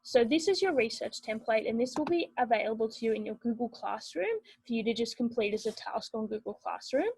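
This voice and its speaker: Husky woman teacher explaining. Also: on the high side, fairly quick, few pauses, low-quality recording. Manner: explanatory, steady, with many fillers. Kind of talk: recorded classroom lesson explaining a rubric.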